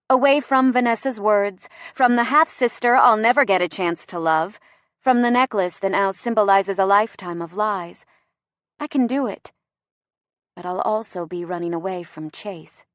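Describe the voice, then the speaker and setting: A woman reading first-person narration for a romance audiobook, expressive and close to the mic. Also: medium pitch, dry recording.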